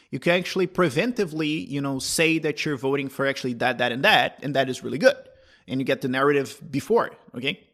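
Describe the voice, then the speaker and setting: A man's voice: mid-range voice, fairly bright tone. Brazilian man rambling in casual talk. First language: Portuguese. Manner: rambling, self-interrupting, restarts phrases, laughs often. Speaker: guest, libertarian commentator. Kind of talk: casual conversational interview.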